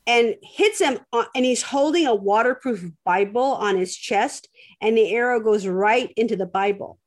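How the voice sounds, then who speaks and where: A woman's voice: fairly high pitch, normal speed. A woman hosting a podcast, telling a story in casual chat, rambling with lots of fillers and restarts. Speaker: podcast host.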